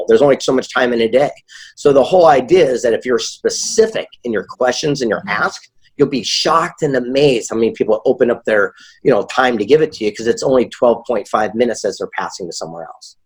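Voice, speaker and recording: A man with a slightly husky voice chats as an interview guest. He tells his stories with energy and acts out the people he quotes in them. His pitch sits in an ordinary middle range for a man. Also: a little fast. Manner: animated, acts out quoted dialogue. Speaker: author and keynote speaker, guest. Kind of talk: casual interview storytelling.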